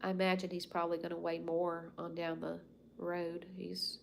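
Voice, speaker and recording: A woman's voice: fairly low pitch, completely flat delivery, normal speed, creaky, slight background noise. A Southern US woman in her fifties rambling folksily as she hosts a casual livestream chat from home. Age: 50s. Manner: rambling and folksy, with soft asides. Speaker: livestream host. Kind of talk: casual chat with live viewers.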